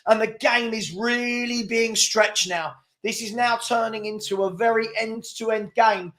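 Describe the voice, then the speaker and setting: A man's voice: high-pitched, fairly even intonation, measured pace, bright, forceful tone. A young man hosting a live football watchalong, calling the play and ranting at his chat. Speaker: watchalong host. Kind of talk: live match commentary and chat.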